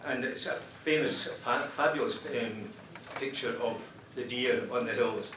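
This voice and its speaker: A man introducing and reading poems at a conference in a measured, explanatory way. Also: medium pitch, a bit bright, far from the mic. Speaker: presenter of poems. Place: conference hall. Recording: roomy hall with faint noise.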